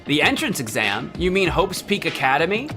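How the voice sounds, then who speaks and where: A man hosts a let's play, reading the game's dialogue aloud and cracking jokes between lines, playful and quick to burst out laughing. His voice is a little high and sing-song, at normal speed. Music plays underneath him.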